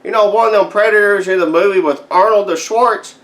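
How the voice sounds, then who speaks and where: A boastful, slow-witted grandson, played by a man, spins a rambling folksy yarn for a comedy sketch. His voice sits high for a man, and he trips over his words and starts sentences again as he goes. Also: a bit bright. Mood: excited. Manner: rambling folksy tale-telling with stammered restarts. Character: dim-witted bumbling adult grandson, boastful and excitable. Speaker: comedy character telling a story to his grandmother. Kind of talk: comedic storytelling monologue.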